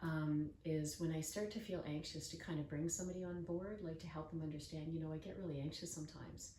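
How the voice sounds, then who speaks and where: A woman's voice: low voice, steady tone, fast, warm tone. Older woman talking from across an echoey room. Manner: earnest, storytelling, acts out quoted voices. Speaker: host. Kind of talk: casual interview chat. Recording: echoey room from far off with faint noise.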